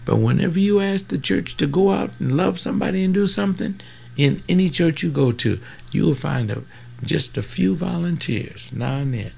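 Gravelly seventy-year-old man preaching. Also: on the high side, animated, moderate pace, darkish tone. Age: 70s. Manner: fervent, rambling, folksy asides, bursts of emphasis. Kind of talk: informal preaching monologue.

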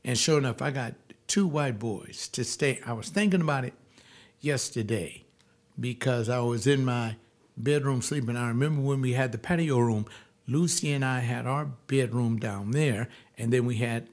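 An older man speaks as a pastor, letting personal recollections drift from one thought to the next. His delivery is loose and digressive, full of restarts and asides. He sits at an ordinary middle pitch. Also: normal speed. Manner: rambling, digressive storytelling with many restarts. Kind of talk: reflective personal monologue.

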